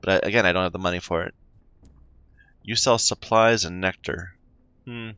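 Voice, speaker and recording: A man's voice: deep voice, steady tone, normal speed, bright, forceful tone, clean tone, dry recording, highs cut off. A man playing a story game, reading its text aloud and chatting about his choices, stumbling over unfamiliar words. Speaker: let's play gamer.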